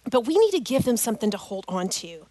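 A woman's voice: fairly high pitch, quick pace, no echo. A middle-aged woman speaking to a parents' group, telling an emotional personal story and tying it to scripture. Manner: emotional, animated storytelling, addresses listeners as "guys".

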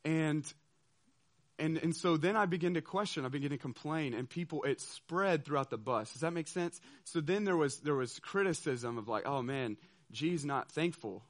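Animated man telling a story. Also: fairly high pitch, normal speed. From southeastern United States. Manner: animated, laughing, checks in with listeners. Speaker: speaker telling a personal story. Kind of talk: storytelling talk.

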